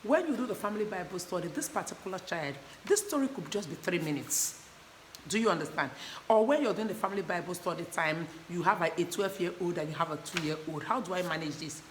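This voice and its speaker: A woman's voice: on the low side, expressive, fairly quick. A woman teaching parents in an earnest, repetitive way, often asking her listeners whether they understand. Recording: echoey room with faint background noise.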